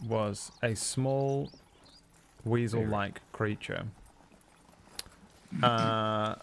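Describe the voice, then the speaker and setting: A man's voice: on the low side, a bit bright, slight background noise. Rambling, casual male game master. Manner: casual, rambling, filler-heavy. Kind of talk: narrating a tabletop game.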